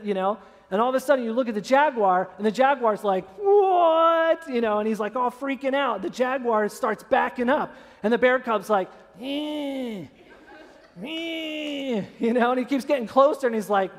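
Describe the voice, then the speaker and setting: A man, a pastor, preaching a sermon with animated storytelling, acting out scenes. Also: sits high, long reverb tail. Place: church sanctuary.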